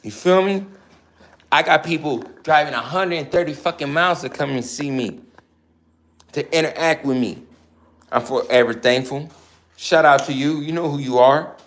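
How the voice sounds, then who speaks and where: A man who breeds dogs, ranting in a blunt, profane, boastful way and mocking his rivals. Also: mid-range voice. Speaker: dog breeder. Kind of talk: casual rant to camera.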